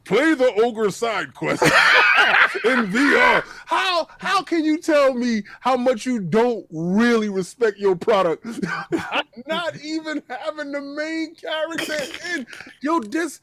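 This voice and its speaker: A man co-hosting a casual gaming podcast, animated and joking, acting out little voices in his stories. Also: very high voice, slow, dry recording. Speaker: podcast co-host.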